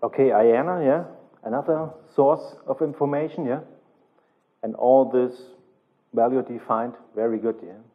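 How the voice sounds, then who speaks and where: A little slow and fairly even in intonation, a medium-pitched man runs a technical conference lecture in non-native, broken English. He ends almost each phrase with an inquiring "yeah?", captured on a tinny, narrow-band recording.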